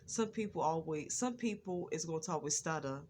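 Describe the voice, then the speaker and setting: A woman vlogger talking slowly and carefully in a casual personal monologue, with a stutter and a lot of repetition. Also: low-pitched, animated, a little mellow, slight background noise.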